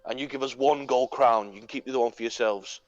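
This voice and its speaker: A man's voice: mid-range voice, fairly even intonation, fast talker, no room sound, highs cut off. A man playing in a tabletop role-play, eager and persuasive, often talking in character. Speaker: player.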